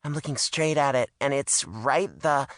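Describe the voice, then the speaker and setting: A man's voice: mid-range voice, moderate pace, a bit bright, no room sound, studio quality, pitched above the performer's own voice, close to an everyday voice. A male narrator voicing a flustered young woman, a college freshman, who stammers in panic. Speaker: audiobook narrator. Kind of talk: audiobook character voice.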